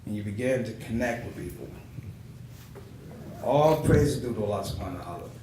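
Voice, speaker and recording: Brisk and on the low side, this comedian in his forties narrates stories on a panel, animatedly mimicking the people he quotes amid laughter. His voice carries from slightly away from the mic in an echoing hall, with noise running underneath.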